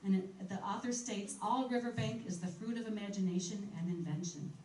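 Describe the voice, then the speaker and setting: A woman's voice: medium pitch, brisk, a little mellow. A woman giving a museum history talk in a conversational manner, reading passages aloud from old articles. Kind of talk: public history presentation. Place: museum program room. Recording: echoey room, speaker far from mic, faint noise.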